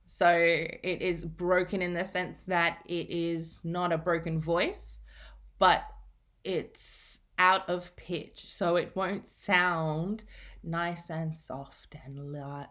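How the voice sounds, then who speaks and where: A woman's voice: on the low side, fairly bright tone. A woman teacher giving a recorded reading and grammar lesson, explaining patiently and going back over key points.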